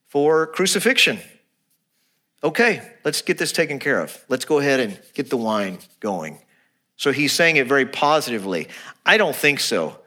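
A male pastor delivering a sermon in a bright, clear voice. He explains scripture and slips into quoted speech, lifting or dropping his pitch for effect. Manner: expressive preaching, acting out quoted lines with shifting pitch.

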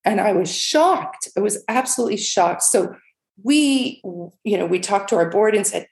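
A woman's voice: medium pitch, unhurried, gravelly, a little mellow. A middle-aged woman, a charity leader, telling a moving story in a podcast interview, earnest and emotional, with fillers and restarts. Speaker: charity CEO, interview guest. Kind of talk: conversational storytelling.

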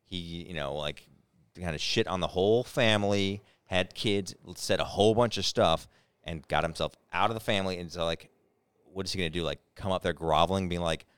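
A man's voice: sits low, brisk, a bit bright, smooth, no room sound. A man co-hosting a casual podcast chat, rambling with lots of fillers. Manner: rambling, filler-heavy, mimics others. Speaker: podcast co-host.

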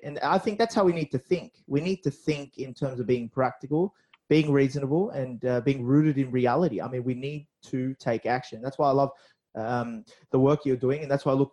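A man's voice: mid-range voice, a little mellow. A young man hosting a podcast interview, earnest and practical in how he frames his questions. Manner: earnest, practical, asks guest for tips. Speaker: podcast host. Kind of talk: casual interview.

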